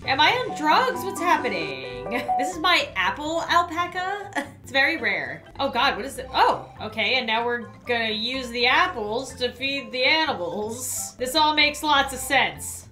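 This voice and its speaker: A young woman playing a mobile game on camera, giving excitable running commentary, shrieking and laughing and talking to the animals. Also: sits high, unhurried, soft background music. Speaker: gaming YouTuber.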